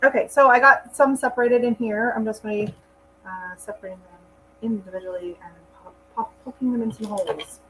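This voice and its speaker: On the high side and a bit bright, this woman's voice stays steady in tone and moves fairly quickly. She's a middle-aged gardening channel host chatting casually on a live stream at home, drifting between potting and remarks to her dog. The audio is poor, with a little hiss or hum.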